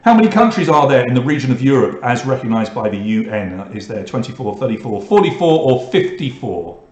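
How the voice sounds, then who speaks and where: A man's voice: medium pitch, sing-song, a little fast, darkish tone, reverberant. A man with a British accent hosting an online pub quiz, reading out questions and scores with chatty asides. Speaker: quiz host.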